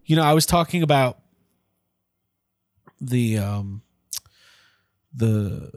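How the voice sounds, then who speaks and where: A man's voice: mid-range voice, animated, slow pace, no room sound, clean studio sound. A man guest co-hosting a podcast, talking enthusiastically in a rambling, casual way. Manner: enthusiastic, rambling, restarts mid-thought. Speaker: guest co-host. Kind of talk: casual chat.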